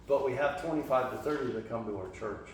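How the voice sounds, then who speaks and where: A man's voice: medium pitch, fairly quick. A man from the western US leading a church study group in a casual, rambling way, full of restarts and fillers. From Las Vegas, western US. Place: church meeting room. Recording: echoey room, distant mic, faint hum.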